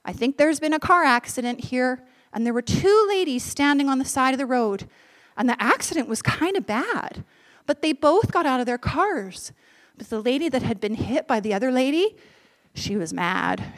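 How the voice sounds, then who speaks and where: A woman's voice: high-pitched, very animated, normal speed. A woman preaching, telling a personal story in an earnest, conversational way and speaking directly to a congregation of grown-ups and children.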